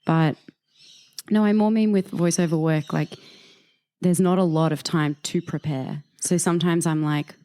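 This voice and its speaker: An Australian woman with a husky voice, chatting about her voice-over work in a casual interview, full of fillers. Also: fairly even intonation, moderate pace, dark tone. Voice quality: husky, low-sitting voice. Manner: thoughtful, rambling with many fillers. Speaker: voice actor guest.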